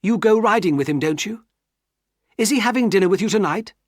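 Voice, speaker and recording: Raising his voice above its natural pitch, a man performs a heartbroken, earnest young man begging tearfully, his delivery expressive and a little fast. The storybook reading is recorded dry with no echo.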